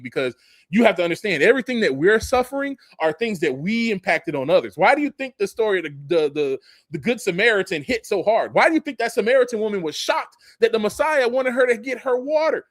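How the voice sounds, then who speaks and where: A man giving a casual scripture teaching, animated, often laughing and reading verses aloud. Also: high voice, fast talker, no echo, clean studio sound. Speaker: preacher.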